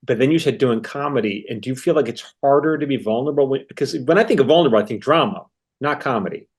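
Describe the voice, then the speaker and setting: Male podcast host, fast pace, halting and probing interviewer. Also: medium pitch, animated. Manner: halting, restarts questions while probing. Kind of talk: interview questions.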